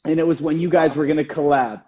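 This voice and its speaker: A man's voice: a little high, steady tone, fast, dark tone, lo-fi sound. A man hosting a casual interview, friendly and full of fillers as he sets up his questions. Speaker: radio host. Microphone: phone on a video call.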